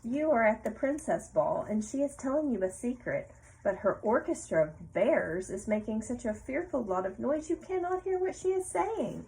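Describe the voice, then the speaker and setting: A woman's voice: a little high, sing-song, normal speed, dark tone, a little hiss or hum, rough recording. Playful woman reading a storybook aloud. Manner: playful, asks the child questions, laughs often. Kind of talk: picture book read-aloud to a child.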